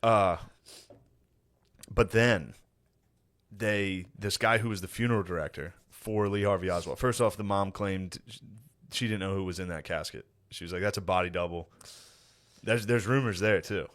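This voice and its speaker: A man co-hosting a podcast in casual chat, telling a story with animated laughs and slow, emphatic beats. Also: low-pitched. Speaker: podcast co-host.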